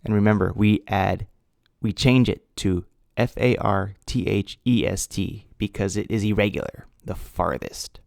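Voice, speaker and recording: A man teaching an English grammar lesson, speaking slowly and deliberately, spelling out letters and repeating key words. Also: lowish voice, vocal fry, darkish tone, no room sound, clean studio sound. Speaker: ESL teacher.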